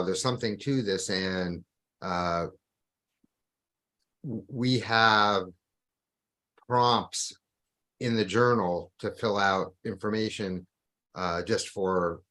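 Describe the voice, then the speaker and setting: A man with a low voice talks slowly and hesitantly, pausing often to find his words. He sounds casual, as if on a video call. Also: fairly bright tone. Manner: slow, hesitant, many fillers and restarts. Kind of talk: casual chat.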